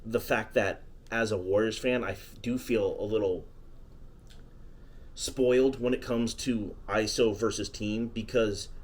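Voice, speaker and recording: A man's voice: lowish voice, slight background noise. A man co-hosting a podcast, talking casually and at length about basketball coaching. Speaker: podcast co-host. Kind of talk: casual sports chat.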